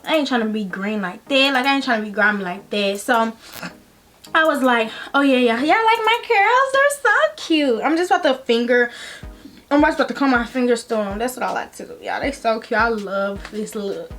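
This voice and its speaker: A woman's voice: on the high side, fairly quick, fairly bright tone. Slangy young woman telling a storytime. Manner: dramatic, slangy storytelling, addresses viewers as y'all. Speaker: vlogger. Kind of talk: casual storytime vlog.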